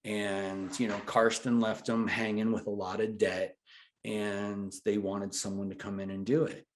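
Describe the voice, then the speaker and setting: A man in his forties, a guest telling his story in an animated, casual way. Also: on the low side, measured pace, a little hiss or hum. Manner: animated, swears then apologizes. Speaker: interview guest, brand founder.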